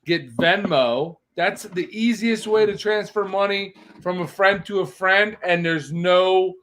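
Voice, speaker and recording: A man hosting a live stream, loud and teasing, quick to laugh and shout. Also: high voice. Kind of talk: casual banter on a live stream.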